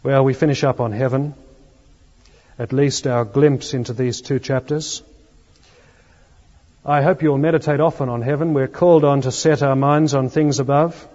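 Pastor preaching in a reverberant church. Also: male voice, medium pitch, fairly even intonation, darkish tone. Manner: earnest preaching with emphatic pauses. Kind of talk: sermon. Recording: long church reverb, dull lo-fi sound.

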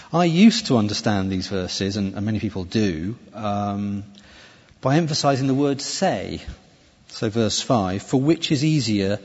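A man preaches in a church with a husky, animated voice that swings widely in pitch. His talk is conversational, with many restarts. The sound is dull and carries a long reverb from the hall. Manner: lively, conversational preaching with self-corrections. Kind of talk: sermon.

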